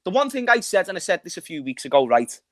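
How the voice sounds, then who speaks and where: Hoarse, passionate fan. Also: male voice, high-pitched, very animated, fast talker, no echo. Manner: passionate, ranting, bursts into laughing shouts. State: hoarse from shouting. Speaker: fan channel co-host. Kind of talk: excited football fan reaction chat.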